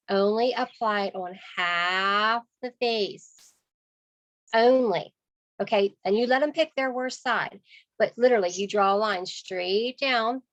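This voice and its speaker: A woman sales consultant, telling a lively story on a video call, acting out voices and laughing often. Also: mid-range voice, dry recording, muffled recording.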